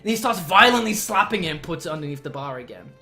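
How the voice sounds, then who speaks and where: A man narrating as game master, improvising scenes in a halting, laughing way. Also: high-pitched, animated, over music.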